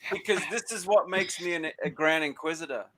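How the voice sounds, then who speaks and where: A man's voice: fairly high pitch, a little fast. A man co-hosting a casual review chat, adding dry, joking asides. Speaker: podcast co-host. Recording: loud background noise.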